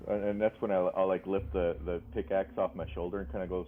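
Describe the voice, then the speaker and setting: A man's voice: deep voice, level tone, fast talker, soft background music. A man playing a tabletop game, hesitantly talking through what his character does. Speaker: player. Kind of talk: casual play at a tabletop game. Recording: tinny voice-chat line.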